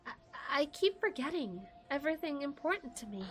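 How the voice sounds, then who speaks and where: A woman voicing a grieving ghost mother, speaking softly and mournfully, pleading with a faint quaver. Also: high voice, very animated, brisk. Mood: wistful.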